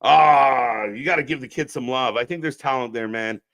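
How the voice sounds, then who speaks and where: A man with a mid-range, slightly bright voice speaking at normal speed hosts a live wrestling watch-along stream. In this unscripted alternative commentary, he riffs bluntly and sarcastically, swearing a lot as he talks to the chat.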